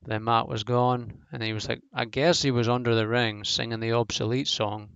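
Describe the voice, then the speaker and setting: A man's voice: mid-range voice, flat delivery, moderate pace, creaky, fairly bright tone, clean tone, no room sound, muffled recording. A man giving a casual, rambling review of a wrestling show, blunt and swearing freely, with lots of fillers.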